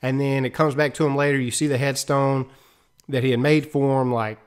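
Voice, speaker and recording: A young man talking casually to camera in a lively, chatty recap, laughing easily and acting out quotes. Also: medium pitch, fairly quick, clean tone. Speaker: show recap vlogger.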